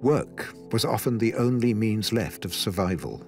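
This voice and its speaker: A man reading a documentary narration in an even, informative way. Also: fairly low pitch, moderate pace, faint music behind. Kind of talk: scripted narration.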